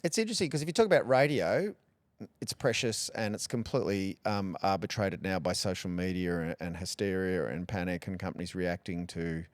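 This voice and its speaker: A middle-aged Australian man talking candidly in a relaxed interview, joking and rambling through stories. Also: low-pitched, fairly quick, dry recording. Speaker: podcast guest, radio personality.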